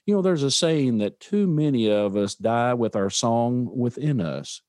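Slow, earnest motivational man. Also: medium pitch, expressive, a little mellow, dry recording, studio quality. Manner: earnest and emphatic, repeating key words. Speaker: motivational speaker. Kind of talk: motivational talk.

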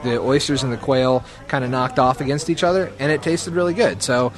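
A man's voice: mid-range voice, steady tone, fairly quick. A man co-hosting a casual comedy podcast, talking emphatically and with enthusiasm. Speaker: podcast co-host.

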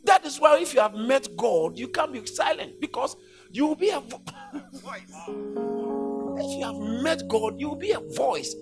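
A man delivers a sermon in a high, animated voice that rises and falls widely. He hammers points home through repetition, dropping to a hush and then climbing to a shout. Faint music plays under him. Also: normal speed. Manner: emphatic, repetitive, swings from hushed to shouting. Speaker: preacher.

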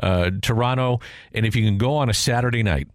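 A man's voice: mid-range voice, fairly quick, clean tone, dry recording, clean studio sound. Conversational sports radio host man. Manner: conversational, prompting questions. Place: radio studio.

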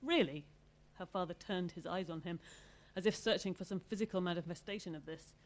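A woman author reading aloud from her own novel in a measured, expressive way. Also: lowish voice.

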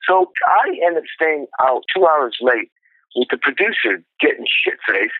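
A man's voice: fairly high pitch, unhurried, no echo. Man telling a story over a tinny line. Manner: animated, profane, acts out quotes. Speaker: drummer telling his story. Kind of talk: storytelling interview.

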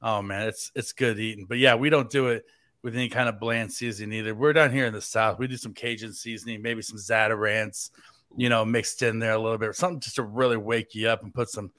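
A man's voice: on the low side, fairly even intonation, fairly quick, fairly bright tone, no room sound, studio quality. A man hosting a sports podcast, talking in a joking, rambling, playful way. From United States. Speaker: fill-in podcast host. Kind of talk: casual sports podcast banter. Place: living in Tampa, Florida.

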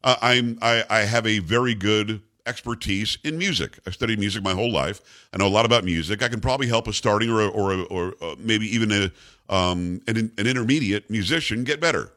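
A man's voice: on the low side, a little fast, pushed and bright. A man hosting a talk radio show, rambling and jokey, chatting casually with his co-host. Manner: rambling, jokey, self-congratulating.

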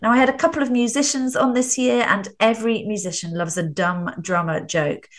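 A woman's voice: fairly high pitch, fairly quick. A woman hosting a comedy show, introducing guests and linking segments. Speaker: host. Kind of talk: radio presenting.

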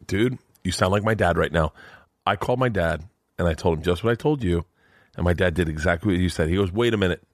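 Low-voiced man telling a story. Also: fast talker, dry recording, clean studio sound. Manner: animated storyteller, acts out quotes in raised voices. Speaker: guest comedian. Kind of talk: casual storytelling chat.

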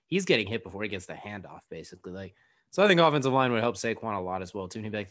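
A man's voice: lowish voice, lively intonation, very fast, a bit bright. A man co-hosting a casual sports podcast, chiming in with dry jokes. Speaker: podcast co-host.

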